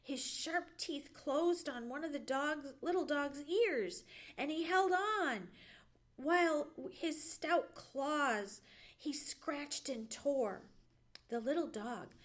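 A woman librarian reading a bedtime story aloud with expressive storytelling. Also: sits high. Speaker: children's librarian.

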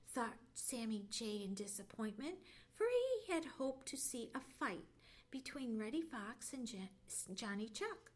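A woman library storyteller reading a children's bedtime book aloud. Her voice is high and lively, unhurried, with sudden drops into a hush for suspense. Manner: slow, expressive storytelling with dips into a hush.

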